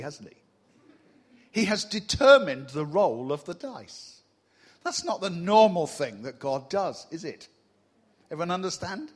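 A male preacher giving a sermon to a congregation in a church, animated and humorous, teasing the room with rhetorical questions. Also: on the high side, slow, husky. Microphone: mic on a stage.

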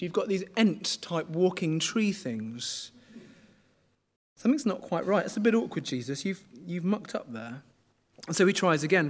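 In a voice on the high side, a middle-aged man delivers a conversational sermon, frequently putting questions to the congregation.

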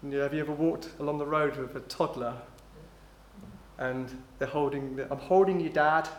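A man preaching a sermon in an emphatic way, slowing down on key phrases and dropping low and quiet when he quotes. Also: little pitch movement, a little hiss or hum. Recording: roomy echo.

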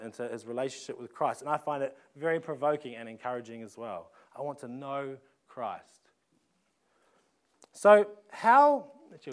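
A man, preaching a sermon in a conversational way, often restarting phrases and asking rhetorical questions. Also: fairly high pitch. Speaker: pastor.

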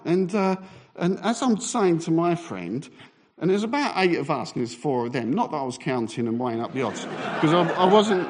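A minister in middle age tells a funny story from the pulpit, his pitch leaping up and down as he goes. His telling is lively and self-mocking, and his voice sits at an ordinary middle pitch. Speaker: Baptist minister. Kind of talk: sermon storytelling.

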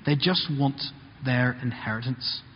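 This preacher speaks unhurriedly in a mid-range voice, giving an earnest sermon in which he acts out the words of story characters. The audio is muffled and carries a long hall reverb.

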